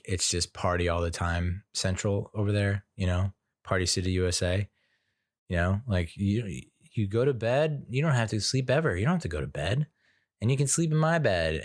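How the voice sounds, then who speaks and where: A man's voice: low voice, no room sound, clean studio sound. A man hosting his own podcast, talking in a rambling, casual way with lots of fillers and wry sarcastic asides. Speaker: podcast host. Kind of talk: solo casual podcast monologue.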